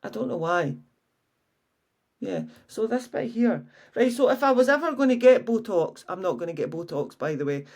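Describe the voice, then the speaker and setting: A woman's voice: mid-range voice, lively intonation, normal speed, vocal fry, darkish tone. A woman in her early fifties, a fitness coach chatting frankly and casually on her own podcast, swearing freely. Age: 50s. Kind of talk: casual solo podcast chat.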